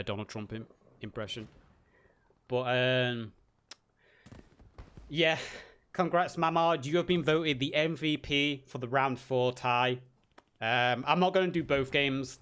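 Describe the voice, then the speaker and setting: A man's voice: mid-range voice, a bit bright. A tired man, a caster rambling through a casual stream sign-off with self-deprecating jokes.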